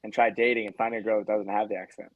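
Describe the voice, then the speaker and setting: A man appearing as a guest coach on a casual podcast, talking in a quick, offhand way. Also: lowish voice, flat delivery, no room sound. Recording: dry, dull lo-fi audio.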